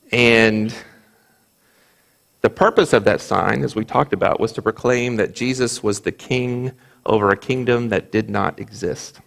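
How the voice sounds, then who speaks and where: A man's voice: fairly low pitch, vocal fry, fairly bright tone. A man teaching a Bible class in a church, speaking earnestly, quoting scripture and often restarting his sentences. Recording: reverberant church hall.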